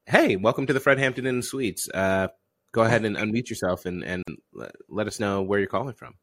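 Chill deadpan dude hosting a comedy podcast, pitch all over, dry mic. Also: male voice, a little fast, no room sound. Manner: laid-back, deadpan, breaks into laughter and shouts. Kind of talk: improvised comedy banter.

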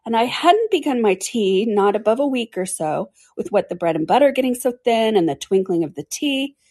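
A woman's voice: fairly high pitch, expressive, moderate pace, darkish tone, breathy edge, dry recording, studio quality, voice pushed up. A woman voicing a nervous male hatter in a storybook reading, pleading and trembling.

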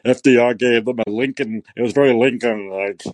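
A man's voice: mid-range voice, steady tone, brisk, a little mellow, no room sound, close to an everyday voice, rough recording. A man mocking a rambling pompous pundit.

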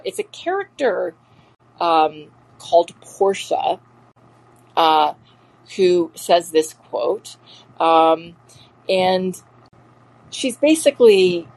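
A woman's voice: on the low side, vocal fry, husky. A woman giving a casual spoken lesson, talking in an earnest, rambling way with many ums and restarts. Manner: earnest, easily moved. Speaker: presenter explaining literature.

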